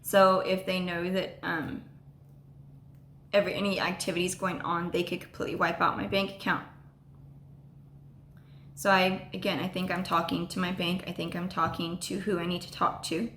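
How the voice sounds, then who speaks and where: Woman vlogging a story, lowish bright voice, lots of ums, echoey room. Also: little pitch movement, slight background noise. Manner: halting, full of ums and restarts. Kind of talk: storytime vlog.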